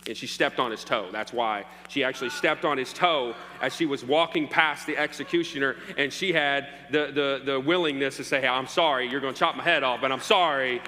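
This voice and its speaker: Bright-voiced pastor preaching in a hall. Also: male voice, medium pitch. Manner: playful, joking with the congregation. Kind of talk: sermon. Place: church hall. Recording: long hall reverb, faint hum.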